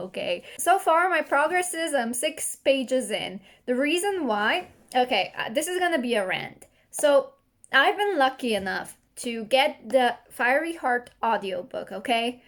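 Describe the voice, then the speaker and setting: A woman's voice: a little high, lively intonation, measured pace, a bit bright. A young woman vlogging casually as a book vlogger, ranting animatedly and laughing and smiling while she complains. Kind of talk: casual vlog rant.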